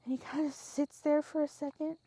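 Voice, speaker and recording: A young woman telling a story in casual podcast chat, animated and laughing often, swearing freely and acting out the scenes. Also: sits high, brisk, no room sound.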